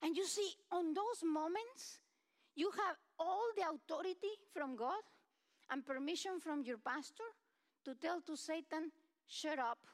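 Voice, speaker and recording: A woman preaching a sermon, impassioned and swinging between loud declarations and soft, low passages, an English speaker. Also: a little slow.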